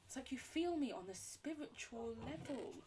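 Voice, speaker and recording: Over a noisy background, a woman with a high, expressive voice livestreams a game at a moderate pace. Between comments on the gameplay she answers her chat, rambling, laughing often, and joking at her own expense.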